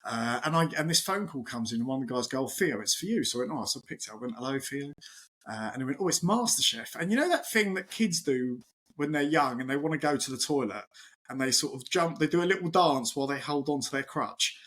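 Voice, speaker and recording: A middle-aged man, a chef and podcast guest, telling stories in casual chat, lively and acting out quotes, with many restarts. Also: medium pitch, quick pace.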